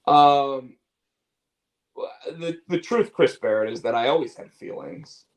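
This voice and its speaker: A male podcast co-host rambles through casual chat on a talk show, repeating words, using fillers, restarting often, and swearing in a candid, easygoing way. His mid-range voice is animated, slow, and creaky, and the recording is low quality.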